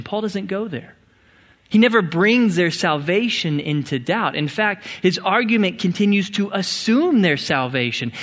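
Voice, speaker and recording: A man's voice: high-pitched, fairly bright tone. A man preaching a sermon as pastor, earnest and emphatic as he explains.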